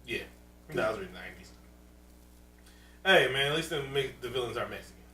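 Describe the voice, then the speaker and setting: A man co-hosting a podcast in casual chat, animated and profane, cracking jokes, recorded in a roomy space from a distant mic with a faint hum. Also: medium pitch, fast talker. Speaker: podcast co-host.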